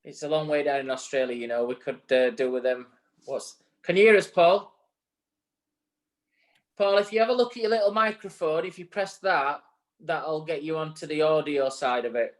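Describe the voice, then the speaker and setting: On a live barbering show, a male co-host chats and jokes with guests in an encouraging way. His voice is on the high side, with a steady tone and normal speed.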